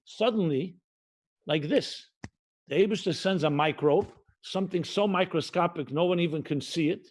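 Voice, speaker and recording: Middle-aged rabbi guy, high voice, preaching a livestream sermon, lots of repeating and slowing down on the big words. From United States. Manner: emphatic, repetitive cadence, mixes Hebrew and Yiddish terms; slows and stretches key phrases.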